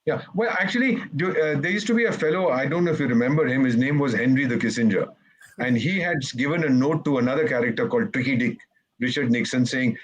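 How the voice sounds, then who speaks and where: Talking fast in an expressive mid-range voice, a retired Indian ambassador joins a discussion panel on a low-quality recording. He spins sarcastic, wry stories, acting out quotes in a lively exchange of jokes and quoted asides.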